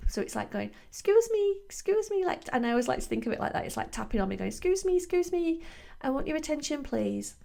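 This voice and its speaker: A woman in her forties talks through a wellbeing podcast in a loose, reflective monologue. Her mid-pitched voice has a gravelly fry, and she circles back with fillers and restarts. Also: darkish tone. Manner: chatty, many fillers and restarts. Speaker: podcast host, wellbeing coach.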